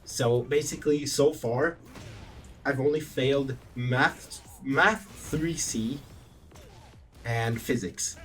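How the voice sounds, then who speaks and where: A young man telling a story in a casual vlog, animated and profane, rambling with self-corrections. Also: mid-range voice, slow pace. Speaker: vlogger. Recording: distant mic, faint background music.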